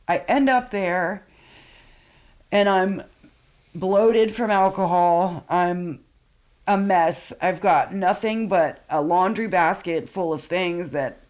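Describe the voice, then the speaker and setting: Candid, profane woman in her forties. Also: on the low side. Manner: frank and profane, with many fillers. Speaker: podcast guest. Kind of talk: candid personal storytelling.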